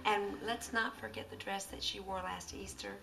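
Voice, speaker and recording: A woman's voice: medium pitch, steady tone, normal speed, close to an everyday voice. A woman playing a catty, prim church lady who gossips, in a comedy skit. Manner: prim, insinuating. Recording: clear music underneath.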